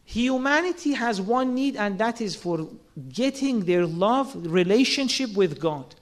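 A man with a strikingly high voice delivers a sermon to his listeners. He speaks earnestly, asks rhetorical questions and slips into acted-out quotes to make each point. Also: animated, measured pace. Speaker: religious speaker.

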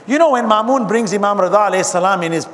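Man, high-pitched preacher voice, impassioned talk with recitation, long hall reverb, faint hiss. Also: animated, very fast, fairly bright tone. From abroad, now living in America. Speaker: Islamic speaker. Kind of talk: religious talk. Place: hall with an audience.

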